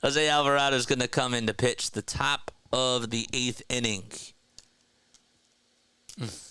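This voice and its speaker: Bright, crisp-voiced young man calling baseball. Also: a little slow, no room sound. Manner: rises sharply in pitch and volume on big plays, calm and low when reading chat. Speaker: play-by-play host of an online stream. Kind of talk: live play-by-play commentary with viewer chat.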